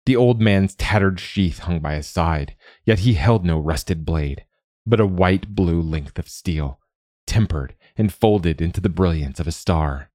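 A man narrating a fantasy story in a steady, even reading. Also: sits low, a little slow, no room sound, clean studio sound.

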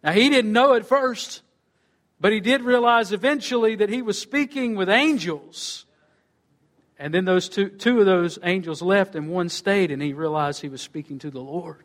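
Pastor, high-pitched male voice, preaching with dramatic dips and rises. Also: moderate pace. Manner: preaching with wide swings in pitch and loudness, dropping low and quiet at phrase ends. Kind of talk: sermon.

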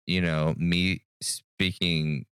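A man co-hosting a casual podcast, telling stories with animated, excited bursts. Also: very slow, smooth, dry recording, studio quality. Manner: animated storyteller, jumps into high excited bursts. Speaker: podcast co-host. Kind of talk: casual chat.

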